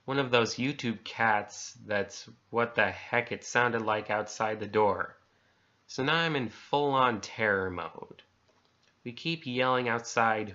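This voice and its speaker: A man's voice: medium pitch, slow pace, sharp tone, muffled recording. A man casually reading a horror story aloud, swapping swear words for letters and euphemisms as he goes. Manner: conversational, self-censoring swears with letters.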